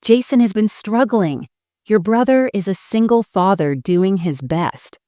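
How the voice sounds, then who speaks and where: A woman voicing a gruff older father who speaks flatly and curtly, in a dry recording. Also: mid-range voice, measured pace, dry recording, close to an everyday voice. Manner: flat, curt.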